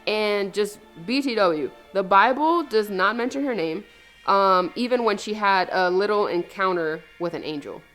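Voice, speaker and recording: A woman's voice: mid-range voice, moderate pace, a bit bright. A woman co-hosting a casual faith podcast, explaining a story in a playful, joking way. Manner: playful, explains and jokes with frequent laughs. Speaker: podcast co-host. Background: faint background music.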